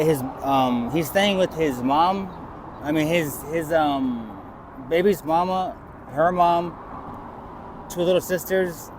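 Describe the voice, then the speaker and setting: A man being interviewed on the street, telling a rambling personal story and acting out what others said. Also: fairly high pitch. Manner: rambling, acts out quoted voices. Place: outdoors by a street with traffic. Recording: outdoor street noise and traffic.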